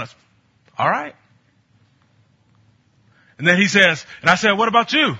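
A man preaching a sermon, telling stories from his ministry and building to bold exhortation, with a husky voice. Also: sits high, measured pace, pauses often. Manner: animated, storytelling, rising to bold exhortation. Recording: dull lo-fi sound.

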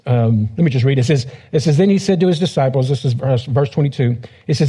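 A man's voice: medium pitch, fast talker, hardly any pauses, dark tone, husky. A man who is a pastor, giving a casual, joking sermon and acting out the voices of people he quotes.

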